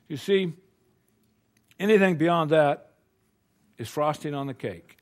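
A man's voice: fairly high pitch, animated, slow pace, long pauses. An older American man preaching a sermon in a folksy, conversational way, full of rhetorical questions. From United States.

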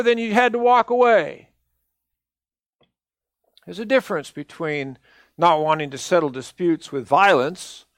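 An older male minister delivers a sermon in an earnest, measured and emphatic way, pressing each point home. His voice sits fairly high for a man. The recording is dry and close, with almost no room sound. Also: a bit bright, smooth, dry recording.

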